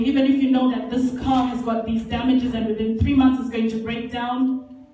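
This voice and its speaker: A woman addresses a conference with an earnest, emphatic motivational talk drawing on Bible examples. She repeats key phrases for weight. Her voice is high and mellow, caught from a distance in a very echoey hall with faint music. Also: little pitch movement, moderate pace. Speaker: conference speaker. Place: large indoor leisure centre hall.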